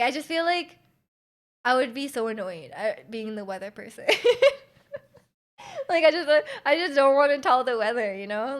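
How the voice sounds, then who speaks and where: A young woman with a Canadian accent chats loosely with her viewers, her voice pitched slightly high. She rambles, restarts, and trails off, dotting her talk with likes and little laughs. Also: a bit bright. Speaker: Twitch streamer. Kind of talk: casual chat with stream chat.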